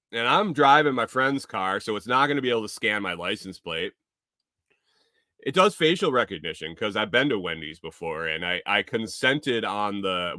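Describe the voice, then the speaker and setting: A man's voice: fairly low pitch, fairly bright tone, no echo, clean studio sound. A man hosting a podcast, talking in a rambling, jokey, profane casual monologue. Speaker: podcast host.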